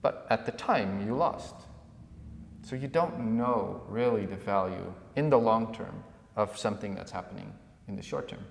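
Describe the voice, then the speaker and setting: Guy on a podcast telling a parable, animated, voices the villagers, roomy echo. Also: fairly low pitch, moderate pace, creaky. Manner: animated storyteller who acts out villagers. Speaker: podcast co-host. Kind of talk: conversational storytelling. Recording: echoey room with long reverb.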